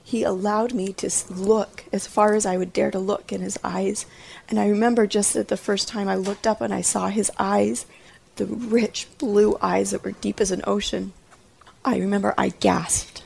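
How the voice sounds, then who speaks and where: A woman earnestly recounting a deeply personal experience, often dropping into a hushed whisper. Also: steady tone, normal speed, vocal fry, slight background noise. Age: adult mother. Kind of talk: personal testimony.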